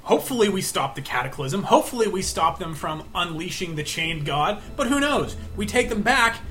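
A man's voice: high-pitched, sing-song, moderate pace, a bit bright, faint music behind. A man playing a tabletop game, narrating his character's actions and laughing along with the table.

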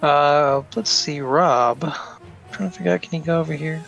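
A man's voice: on the high side, normal speed, vocal fry, a bit bright, soft background music, poor audio. Man thinking aloud as a game player. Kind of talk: playing a tabletop game over a call.

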